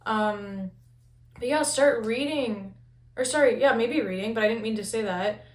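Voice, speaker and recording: A young woman giving a casual pick-a-card tarot reading, talking fast and loose with lots of "like" and casual swearing. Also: on the high side. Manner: chatty, frequent "like", swears casually. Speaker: tarot reader. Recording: echoey room.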